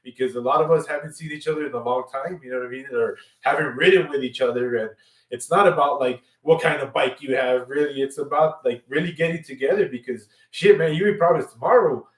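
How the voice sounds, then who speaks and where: A man's voice: medium pitch, brisk. A man co-hosting a casual chat show, rambling, repeating words and dropping "you know what I mean" over and over. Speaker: co-host. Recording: roomy, from far off the mic.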